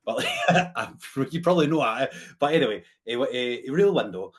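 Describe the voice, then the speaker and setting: A man's voice: mid-range voice, animated, fairly quick. A man with a northern Scottish accent, hosting a podcast in casual, rambling chat with frequent laughs. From Scotland. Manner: chatty, rambling, laughs often, tag questions. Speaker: podcast host.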